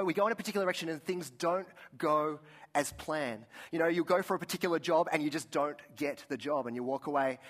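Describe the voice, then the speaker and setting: A young man preaches in an easygoing, earnest way, circling back and restarting his phrases as he talks. His voice sits a little on the higher side for a man. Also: fairly bright tone. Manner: conversational, earnest, with frequent restarts. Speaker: pastor. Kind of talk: sermon.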